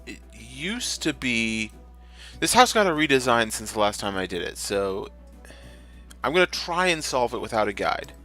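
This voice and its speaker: A man's voice: medium pitch, very animated, normal speed, sharp tone, soft background music. A man narrating his gameplay in a casual, rambling, jokey way, often correcting himself mid-sentence. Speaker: gamer, channel host. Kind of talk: casual let's-play commentary.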